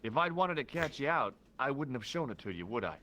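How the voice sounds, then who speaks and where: An actor playing a wry, dry-humored American tourist hero who also narrates the game. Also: male voice, mid-range voice, sing-song, a little fast, bright, forceful tone, slight background noise.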